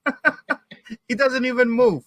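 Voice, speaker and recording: A man speaking halting with lots of fillers, telling a fishing anecdote and laughing at himself. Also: very high voice, steady tone, a bit bright, no echo. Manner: halting non-native English with many fillers, laughs at himself. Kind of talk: casual chat on a live stream.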